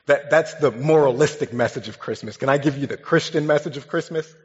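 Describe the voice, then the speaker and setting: A young man, a pastor, gives a sermon built on a funny childhood story, talking in a relaxed, conversational way. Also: medium pitch, fairly quick. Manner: humorous, conversational, lively storytelling. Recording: dull sound with long hall reverb.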